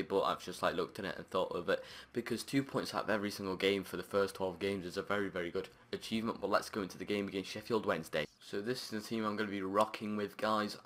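A man commentating his own football video game match, chatting along and breaking into shouted, sweary outbursts at the play. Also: low voice. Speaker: gaming channel host.

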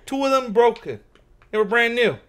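Bright, lively high-voiced man. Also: moderate pace. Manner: animated, laughs through his stories. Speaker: podcast co-host. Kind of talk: casual storytelling chat.

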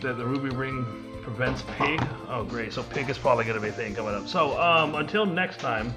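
A man's voice: medium pitch, a little fast. A man hosting a let's play from home, reading game dialogue aloud in a plain voice and adding wry asides. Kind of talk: casual gameplay commentary. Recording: game music playing under the voice.

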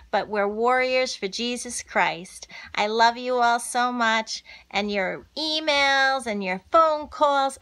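A woman vlogger signing off to her viewers, effusive and preachy, repeating herself warmly. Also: fairly high pitch. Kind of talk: casual religious vlog sign-off.

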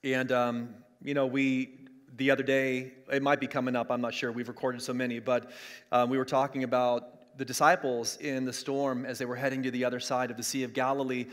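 A man's voice: mid-range voice, little pitch movement, fairly quick, smooth. A middle-aged man preaching a sermon as pastor, driving points home by repeating them, streamed from his church. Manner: emphatic, repeats key lines for emphasis. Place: church streaming an online service. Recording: long hall reverb.

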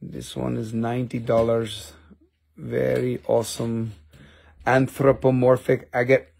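Gravelly man hosting a live rock sale. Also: mid-range voice, level tone, measured pace, darkish tone. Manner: chatty, jokey, swears casually. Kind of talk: casual live-stream selling.

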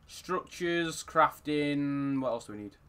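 A young man giving casual, excitable gameplay commentary, swearing often and shouting when surprised. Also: a little high, slow, background noise. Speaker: gaming YouTuber.

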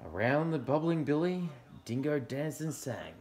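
A man gently reading a picture book aloud to a child at bedtime. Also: on the high side, sing-song. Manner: gentle, unhurried storybook reading.

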